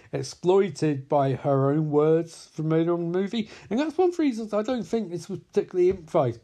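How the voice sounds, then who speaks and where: Guy rambling thru a movie review, kinda high voice, jokey. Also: warm tone. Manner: rambling, jokey, acts out quotes in bursts. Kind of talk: casual film review and recap.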